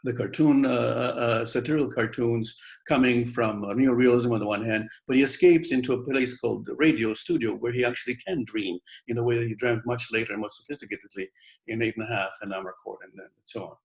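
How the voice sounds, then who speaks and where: A man giving an academic conference talk over a video call, animated and halting, with many fillers and restarts. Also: mid-range voice, gravelly. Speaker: conference panelist.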